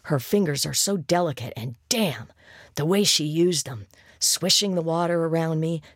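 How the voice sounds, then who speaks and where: A reader voicing a once-shy young man who now gushes about a date in an audiobook, in a gravelly, conspiratorial manner. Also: a little high, normal speed, fairly bright tone, dry recording, clean studio sound. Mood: gushing. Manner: hesitant then gushing, conspiratorial. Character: shy young man turned chatty boaster. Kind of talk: audiobook character voice.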